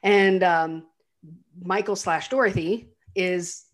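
A woman's voice: lowish voice, takes it slowly. A woman co-hosting a casual chat, retelling a film with laughs and many fillers. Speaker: podcast co-host.

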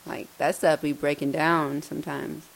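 A woman co-hosting a podcast, asking rambling questions in relaxed casual chat. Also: low-pitched, moderate pace, vocal fry, noisy background. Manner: relaxed, wandering questions with fillers. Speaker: podcast host.

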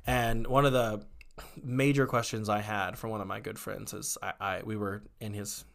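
A man's voice: fairly low pitch, flat delivery, normal speed, creaky, fairly bright tone. A man, a guest in an interview, candidly telling personal stories in a conversational way, with many fillers and acted-out quotes.

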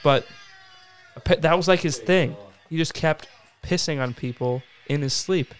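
A young man on a podcast telling a story in a lively, expletive-laden, casual way. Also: fairly high pitch, normal speed. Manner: animated storytelling, swears freely. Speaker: podcast participant. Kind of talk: casual chat.

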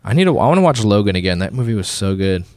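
A man co-hosting a podcast in casual chat, quick and jokey with offhand asides. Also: lowish voice, very animated, a little mellow, no room sound, studio quality. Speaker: podcast co-host.

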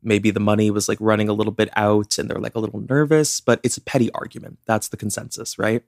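A young man with a fairly low voice walks a listener through a true-crime case in an easy, chatty way. He keeps dropping "like" as he goes. The sound is close and dry. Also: level tone, fast talker, vocal fry, darkish tone, no room sound. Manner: chatty, many "like" fillers. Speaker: podcast co-host. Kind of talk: casual true-crime storytelling.

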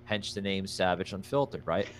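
A young adult man with a deep voice hosts a casual livestream show at a moderate pace. He rambles, thanks viewers by name, and fills the gaps with many fillers.

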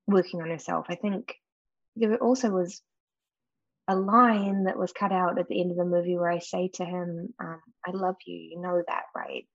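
A woman's voice: on the low side, vocal fry, husky, no room sound, dull audio. A woman from New Zealand with a New Zealand accent, a guest actress chatting candidly in an interview and laughing often. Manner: candid, laughs often, acts out quoted people. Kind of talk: casual interview chat.

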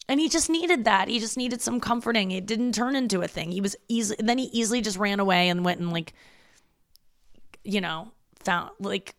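A woman's voice: mid-range voice, gravelly. A young woman hosting a podcast alone, talking in a chatty, rambling way and swearing freely. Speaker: podcast host. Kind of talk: casual solo podcast monologue.

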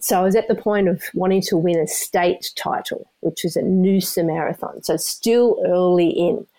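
A woman in her fifties, a former elite runner, telling her story in a casual, animated way and laughing often. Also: lowish voice, moderate pace. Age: 50s.

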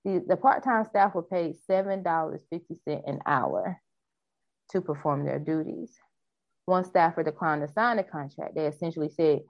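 A woman's voice: low-pitched, dry recording, dull audio. A woman co-hosting a casual talk show, reading news stories aloud and discussing them. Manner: reads news aloud, then chats loosely. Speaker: podcast co-host reading news.

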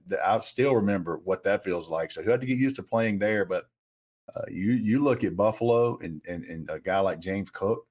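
A man's voice: sits low, a little mellow. A man giving his views in a casual sports conversation, rambling with lots of fillers.

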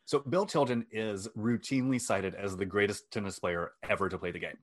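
Wry man with a lowish voice. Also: brisk. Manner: wry, self-deprecating, reads from notes. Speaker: podcast host. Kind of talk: casual storytelling chat.

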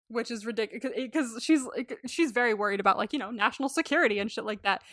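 A woman's voice: on the high side, normal speed, no echo, studio quality. Laughing, swearing woman recapping a story. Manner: animated, swears freely, laughs often, acts out quotes. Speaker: podcast co-host. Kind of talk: casual recap chat.

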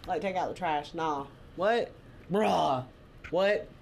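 A woman's voice: low-pitched, takes it slowly, vocal fry. A woman co-hosting a podcast in casual chat, telling stories with frequent laughter. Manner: laughs often, animated storytelling. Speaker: podcast co-host.

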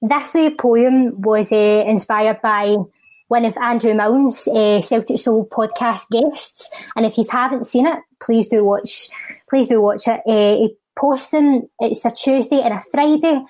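A Scottish woman with a fairly high voice recites a spoken word poem with a steady rhythm, then slips into quick, chatty talk. She is recorded close and dry, with no room sound around her. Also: no room sound, rough recording. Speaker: charity guest and spoken word poet.

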